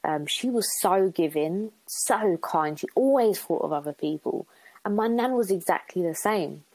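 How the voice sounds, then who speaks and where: A woman's voice: on the low side, expressive, moderate pace, darkish tone, no echo, rough recording. A young woman, a podcast guest, talking openly and from the heart, with lots of fillers and restarts. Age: young adult. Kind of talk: reflective podcast conversation.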